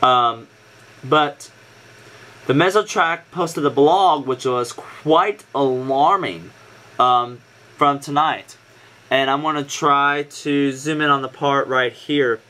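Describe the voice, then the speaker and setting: A man's voice: mid-range voice, slow pace, sharp tone. A young man, an amateur weather vlogger, gives viewers an earnest, casual briefing on a coming storm threat. He fills his talk with "um" and repeats points for emphasis.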